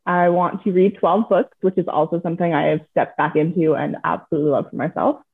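A woman's voice: on the low side, steady tone, brisk, vocal fry, husky. A woman guest in a casual interview, a coaching client who talks in an earnest, upbeat way and laughs easily. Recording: tinny call line.

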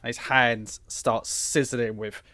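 A man narrating a tabletop game as game master, relaxed and descriptive. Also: mid-range voice, slow.

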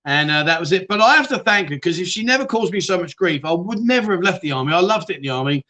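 A man's voice: sits high, expressive, quick pace, pushed and bright. A middle-aged man hosting a casual live stream, chatting and greeting viewers by name, often laughing. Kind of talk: casual chat reading live comments.

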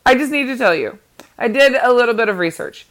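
A woman's voice: on the high side, fairly bright tone. Woman, podcast co-host, casual gossip chat, blunt, sweary, sarcastic.

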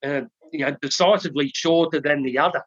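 A man co-hosts a podcast, telling a long joke in a relaxed, stop-start way full of ums and restarts. His voice sits a little high. The recording is dry and slightly dull. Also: quick pace, husky, dry recording. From Australia. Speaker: podcast co-host. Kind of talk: casual chat, telling a joke. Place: home studio in the UK.

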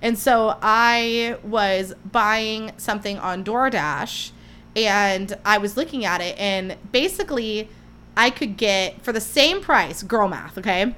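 A woman's voice: mid-range voice, a bit bright, slight background noise. Chatty young woman gushing through stories. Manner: chatty, gushing storyteller who acts out quotes. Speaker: podcast host. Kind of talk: casual solo podcast chat.

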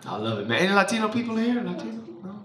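A man's voice: high-pitched, sing-song, racing. A man doing a stand-up comedy set, loose, profane and playful with the crowd, on a club stage with a handheld mic. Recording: roomy live club sound.

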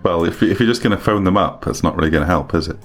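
A man's voice: sits low, very fast, faint music behind. A man co-hosting a casual tech news chat, asking questions hesitantly with restarts. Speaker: podcast co-host.

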